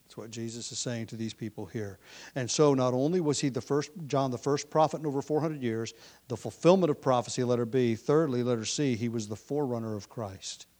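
A man's voice: a little fast, a little mellow. A man preaching an expository sermon, reading scripture with rising emphasis and adding conversational asides. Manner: emphatic, rises in pitch and volume when reading scripture; conversational asides with restarts and light laughs.

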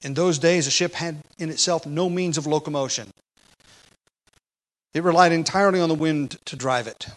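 A man preaching an expository sermon at a measured teaching pace, growing loud and emphatic when he quotes scripture. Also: on the high side, rough recording.

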